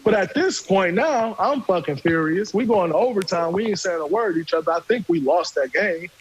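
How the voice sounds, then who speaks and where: A man, casually telling a profane, animated story and acting out what people said. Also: high voice, a little fast, dull audio, a little hiss or hum. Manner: animated, profane, acts out quotes. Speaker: podcast guest storyteller.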